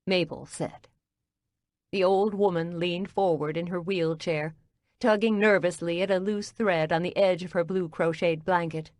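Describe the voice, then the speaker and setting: A woman reading a cozy mystery audiobook as narrator, in a calm, even storytelling manner. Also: lowish voice, a little slow, no room sound, studio quality.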